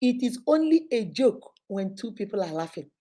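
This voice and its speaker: A middle-aged Nigerian woman hosting a live show, giving an animated motivational talk with a husky voice. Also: a little high, normal speed. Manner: animated, preachy, with mimicked voices. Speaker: host.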